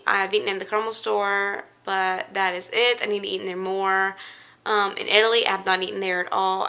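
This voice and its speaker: Young woman vlogging, chatty and rambly, bright voice with lots of fry. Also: medium pitch. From Louisiana, United States. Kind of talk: casual chat.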